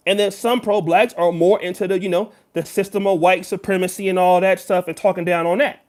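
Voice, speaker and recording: A man with a raised, high-pitched speaking voice delivers a YouTube commentary. He talks straight to his viewers in an emphatic, lecturing way, leaning on each point. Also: steady tone, brisk, a little mellow. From United States. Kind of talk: direct-to-camera commentary.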